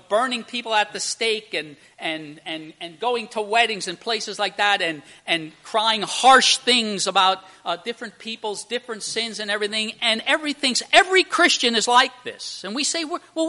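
A man's voice: sits high, expressive, normal speed, hardly any pauses, pushed and bright. A man preaching a sermon, telling a joke and then explaining a Bible passage, with frequent restarts and emphatic stresses. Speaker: pastor.

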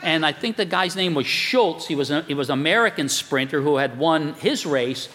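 A man preaching a sermon as a pastor, animated and emphatic. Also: fairly high pitch, moderate pace. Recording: long hall reverb.

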